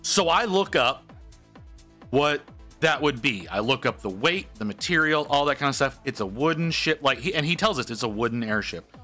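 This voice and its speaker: Here a medium-pitched man spins a wry, lively story in a relaxed way while he paints on stream, frequently starting over mid-thought.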